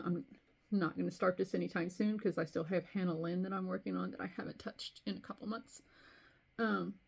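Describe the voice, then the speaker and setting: Middle-aged lady crafting vlogger, chatty and animated, bit of vocal fry. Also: on the low side. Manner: chatty, animated storytelling with laughs. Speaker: crafting video host. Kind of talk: casual chat to camera.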